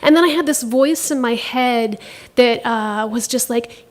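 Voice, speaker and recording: Woman storyteller with a high voice, wry and self-deprecating, performing live on stage. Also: measured pace. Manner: wry, laughing asides. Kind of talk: live first-person storytelling. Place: theater stage.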